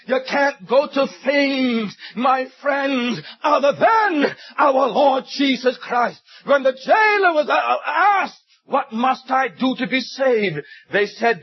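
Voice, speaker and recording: Male preacher, slow and impassioned, husky tone, dull lo-fi church recording. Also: very high-pitched. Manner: impassioned, rising to shouts on key lines. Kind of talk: sermon. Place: church building.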